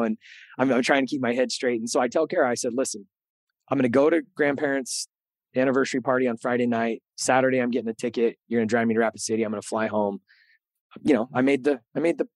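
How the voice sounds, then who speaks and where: On a podcast, a middle-aged host being interviewed recounts his own story in a candid storytelling interview, earnest and animated, doubling back on words as he goes. His pitch is ordinary for a man, and a close, dry mic captures him with no room sound.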